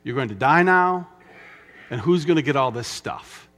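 A man's voice: medium pitch, expressive, moderate pace, a bit bright, big-room sound, close to an everyday voice. A man voicing a stern divine rebuke. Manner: blunt, scolding.

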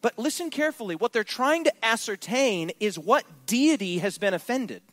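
A man's voice: high voice, lively intonation, normal speed, fairly bright tone, no echo. A male preacher giving an emphatic sermon, posing rhetorical questions to his congregation.

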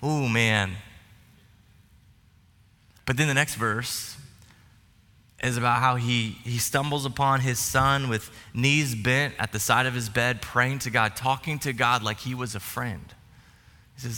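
In a church sanctuary, a male pastor gives a sermon in a conversational way, with humor and asides. His voice is a little high, pushed and bright, and a little slow, and the hall sounds reverberant.

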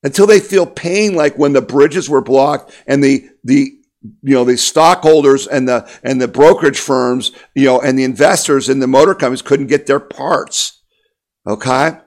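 Emphatic rallying man, mid-pitched. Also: normal speed. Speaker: political talk host. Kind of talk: impassioned political monologue.

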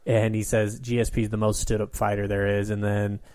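A man co-hosting a casual sports talk show, retelling events in an animated, rambling way full of restarts and laughs. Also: on the low side, a little fast, dry recording. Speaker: podcast co-host.

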